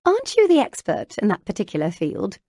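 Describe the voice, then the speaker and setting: A woman narrating an audiobook, voicing an eager and excitable young duchess who talks in breathless, gushing exclamations. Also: mid-range voice, a little fast, no room sound, studio quality, voice pushed up. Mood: curious.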